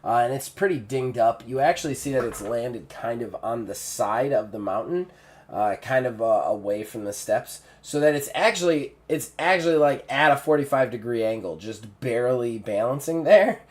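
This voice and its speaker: A man running a tabletop game as game master, narrating loosely with many fillers and restarts. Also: mid-range voice. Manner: loose, rambling narration with many fillers and quick character voices.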